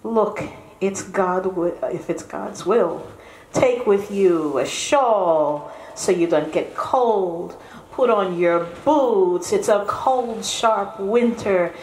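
A woman's voice: mid-range voice, slow, darkish tone, a little hiss or hum. A woman voicing a loving, anxious mother fussing over her son in a sung story's telling. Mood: worried. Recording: echoey hall with faint music.

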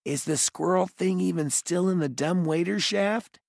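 A man's voice: high voice, moderate pace, vocal fry, no room sound, studio quality, pitched above the performer's own voice. Simon, a man doing an eager young boy. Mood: worried. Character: cheerful curious young boy, animal lover.

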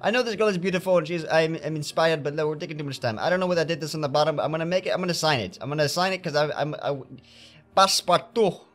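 Guy doing dramatic let's play chatter over soft game music, voice a bit high and bouncy. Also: racing, hardly any pauses. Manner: theatrical, talking to himself while painting. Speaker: gamer playing a painting game.

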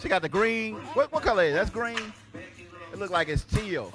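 A man in his forties, a religious teacher giving loud, exclamatory preaching commentary in casual street talk. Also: sits high, lively intonation, moderate pace, over music. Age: 40s. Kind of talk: animated preaching commentary on videos.

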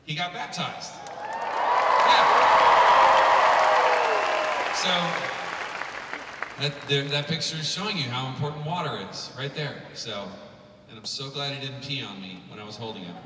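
A man's voice: medium pitch, moderate pace, crowd noise, background noise. A man in his thirties, a musician giving a humorous, rambling keynote with lots of fillers, heard from afar at a conference. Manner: rambling, joking, chatty with many fillers. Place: large conference hall. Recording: echoey hall, from far off.

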